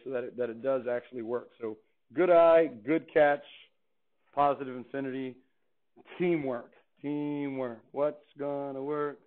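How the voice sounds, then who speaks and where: A man teaching a calculus class in a chatty, playful way, often asking the students questions. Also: a little high. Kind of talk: classroom lecture. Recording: tinny phone-like classroom recording.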